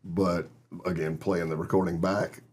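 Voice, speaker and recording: A man's voice: low voice, little pitch movement, a little slow, a little mellow, slight background noise. A middle-aged man from Texas, a guest telling vivid stories in a casual interview and acting out other people's lines. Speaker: guest, retired FBI agent.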